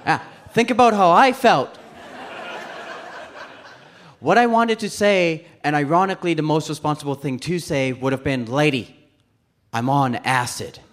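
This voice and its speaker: A man's voice: on the high side, moderate pace, pauses often, a bit bright. A man doing stand-up comedy on stage, telling a story and acting out the other people's voices. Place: comedy club stage before a live audience.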